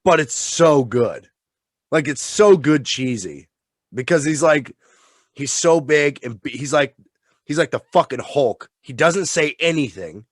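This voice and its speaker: A man co-hosting a casual chat who talks in an excited, rambling, profane way and sounds tipsy. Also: on the high side, measured pace, no echo, clean studio sound. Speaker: podcast co-host.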